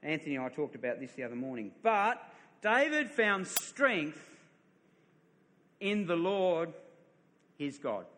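High, bright-voiced man preaching. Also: very animated, a little slow, pauses often. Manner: storytelling, repeats words, laughs at himself. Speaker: pastor. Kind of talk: sermon. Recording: long reverb of a large hall.

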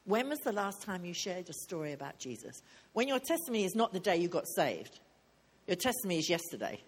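A woman's voice: fairly low pitch, very animated, fairly quick, slightly rough. A woman preaching at a women's retreat, speaking earnestly and conversationally, and repeating key lines for emphasis. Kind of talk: sermon.

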